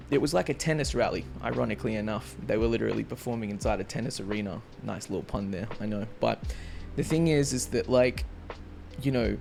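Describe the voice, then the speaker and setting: Gravelly-voiced excitable young man. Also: medium pitch. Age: 20s. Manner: excitable, slangy, calls listeners bro and dude. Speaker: vlogger. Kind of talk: casual chat.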